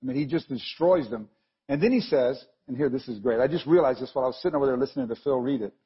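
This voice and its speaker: A man preaching a chatty, digressive sermon, telling the story with lively asides. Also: medium pitch, quick pace, husky. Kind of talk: conversational sermon. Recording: dull lo-fi recording.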